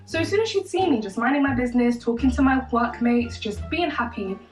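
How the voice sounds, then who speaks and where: A woman's voice: on the high side, lively intonation, fairly quick. A woman in her twenties telling a casual story while getting ready, chatty and sassy with self-mocking asides. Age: 20s. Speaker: vlogger. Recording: echoey room, mic far off, faint music behind.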